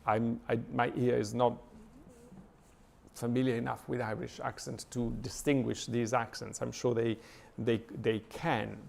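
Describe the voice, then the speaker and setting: Halting man lecturing, gravelly voice. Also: medium pitch, little pitch movement, a little mellow, a little hiss or hum. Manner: thoughtful, many hesitations and fillers. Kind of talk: lecture reading and analyzing a poem. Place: church lecture.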